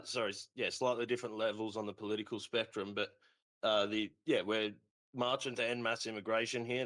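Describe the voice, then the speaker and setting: A man moderating a group voice chat, halting and correcting himself as he talks. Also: fairly low pitch, fairly bright tone. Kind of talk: casual chat.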